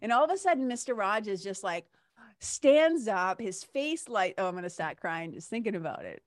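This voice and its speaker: A woman's voice: medium pitch, expressive, moderate pace, no echo, studio quality. A woman in her fifties hosting a show, telling a story in an emotional, casual way and often asking "right?". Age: 50s. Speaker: host. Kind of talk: casual heartfelt monologue.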